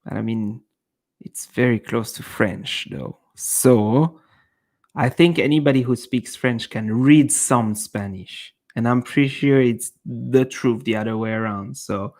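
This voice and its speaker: A man's voice: medium pitch, unhurried, a little mellow. A young man hosting a live stream, chatting casually with his viewers and reading comments, laughing often between many fillers.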